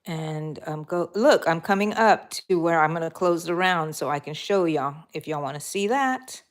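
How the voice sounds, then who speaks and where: A middle-aged crochet vlogger chats and laughs with live viewers as she crochets, talking directly to them. Her low-pitched voice is animated, at a moderate pace with few pauses.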